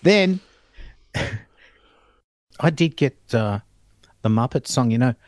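A man's voice: mid-range voice, lively intonation, slow, no room sound, clean studio sound. A man co-hosting a podcast, giggling and joking through casual chat. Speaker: podcast co-host.

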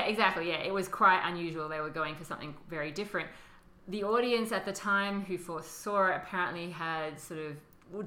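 A lowish, slightly bright female voice belongs to a podcast co-host chatting casually about history. She uses fillers, laughs frequently, and sounds like she's in an echoey room.

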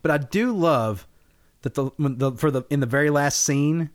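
A podcast co-host with a fairly high voice talks at normal speed in a casual film discussion. He rambles and swears while animatedly acting out scenes.

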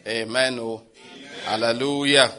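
A man with a Nigerian accent preaching a sermon as pastor, in a lively, chatty style with asides to the congregation. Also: medium pitch, a little slow, crowd noise. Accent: Nigerian English. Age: adult, married.

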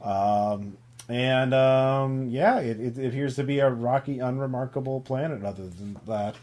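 Halting male game master. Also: medium pitch, darkish tone. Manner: halting, many ums and uhs. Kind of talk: narrating a tabletop game.

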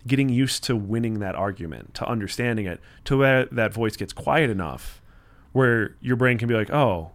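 Rambling, animated podcast co-host, a man. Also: mid-range voice, normal speed. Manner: rambling, acts out his own inner voice, swears. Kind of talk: casual conversation.

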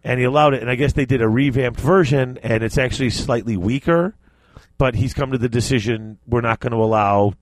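A man's voice: medium pitch, fairly even intonation, a little fast, no room sound. Easygoing guy cohosting a podcast, mid voice, dry close mic, lots of um and restarts. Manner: easygoing, trails off and restarts, laughs often. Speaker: podcast co-host. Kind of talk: casual chat.

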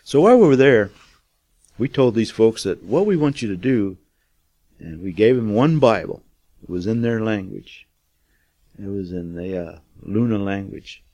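A man's voice: on the low side, animated, moderate pace, dark tone, no room sound. An older man, a missionary, telling a testimony in a folksy, rambling way with many fillers. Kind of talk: casual storytelling testimony.

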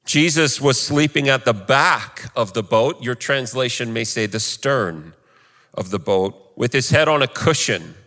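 Guy preaching in church, bright voice, big echoey room, talks easy and earnest. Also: medium pitch, expressive, measured pace. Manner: earnest, conversational preaching with fillers. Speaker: pastor. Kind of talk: sermon.

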